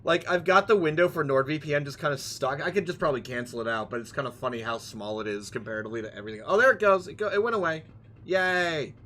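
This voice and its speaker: A man's voice: fairly high pitch, quick pace, pushed and bright, a little hiss or hum. A young man streaming a video game, rambling and joking playfully as he plays. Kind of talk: casual let's-play commentary.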